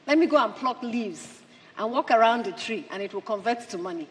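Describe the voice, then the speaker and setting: A woman's voice: fairly high pitch, lively intonation, fairly quick. A woman giving a speech to an audience, emphatic and full of rhetorical questions. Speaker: conference speaker. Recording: long hall reverb.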